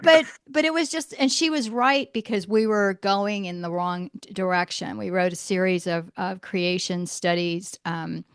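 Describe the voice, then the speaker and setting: A woman hosting a podcast interview, telling lively stories and acting out quotes with frequent laughter. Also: mid-range voice, normal speed, hardly any pauses, clear, resonant tone, no echo, studio quality. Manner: animated storyteller, acts out quotes, laughs often. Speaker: podcast host. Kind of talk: casual interview chat. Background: homeschool mom.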